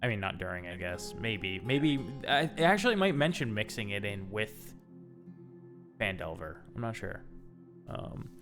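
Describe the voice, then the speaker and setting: A man's voice: fairly low pitch, big pitch swings, unhurried, fairly bright tone, faint music behind. A man who played in a tabletop game, talking it over casually in a hesitant, hedging way. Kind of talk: casual post-series chat.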